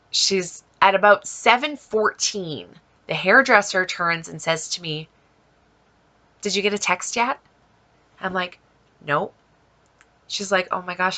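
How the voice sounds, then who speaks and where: A woman vlogger telling a story in a lively way, acting out both sides of a conversation with an exasperated edge. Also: medium pitch. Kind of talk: storytelling vlog.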